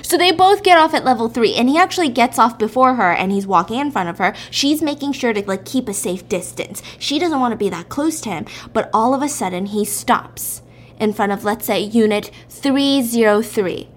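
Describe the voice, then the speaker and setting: A woman's voice: fairly high pitch, lively intonation, moderate pace. A woman chatting and laughing as she retells a story while cooking in a home kitchen. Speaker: vlogger.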